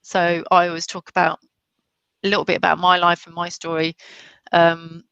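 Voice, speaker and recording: A woman's voice: lowish voice, monotone, normal speed, gravelly, fairly bright tone, clean tone, dry recording, muffled recording. Chatty woman with a Black Country accent. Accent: Black Country English, softened. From Black Country, England. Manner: chatty, laughs often, many restarts. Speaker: guest. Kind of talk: casual interview chat.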